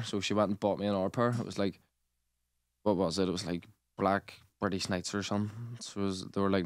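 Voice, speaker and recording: Smooth-voiced Northern Irish young man. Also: sits low, little pitch movement, fairly quick, no echo, studio quality. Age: young adult. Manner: swearing, storytelling with slang. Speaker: podcast guest. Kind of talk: casual chat.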